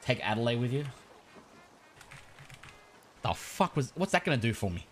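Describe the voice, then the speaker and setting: A man's voice: medium pitch, sing-song, moderate pace, a little hiss or hum. A man streaming a game, chatting casually, swearing often and laughing a lot. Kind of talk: casual gaming stream chat.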